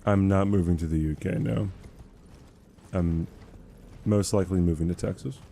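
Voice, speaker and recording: A man's voice: low-pitched, steady tone, moderate pace, creaky, mellow, a little hiss or hum. A young man livestreaming a game, chatting in a rambling, self-deprecating way and laughing often. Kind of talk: casual chat while gaming.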